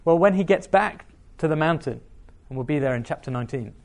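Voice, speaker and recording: Lively, animated male preacher. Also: fairly high pitch, fairly quick. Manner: asks the listeners questions, expressive reading of scripture. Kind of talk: sermon.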